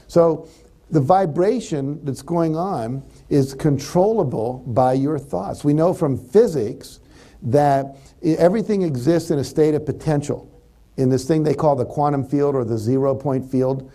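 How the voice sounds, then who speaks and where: A man's voice: on the high side, moderate pace, dark tone. A man giving a conversational seminar lecture to a live audience, acting out example thoughts as he goes. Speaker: motivational speaker. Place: lives in California.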